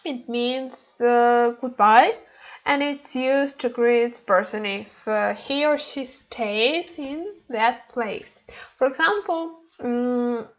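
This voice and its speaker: A woman with a fairly high voice teaches greetings in a casual, halting way, pausing on fillers and carefully repeating each phrase. The recording is dull and lo-fi. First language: Ukrainian. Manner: halting, many fillers, slow careful repetition of example phrases. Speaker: language teacher. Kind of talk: casual spoken lesson.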